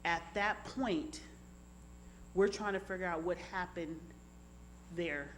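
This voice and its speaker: A woman, niece of the man she speaks about, recounting events in close detail in an interview, steady and deliberate. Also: fairly low pitch, slight background noise, low-quality recording. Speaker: family member telling her account.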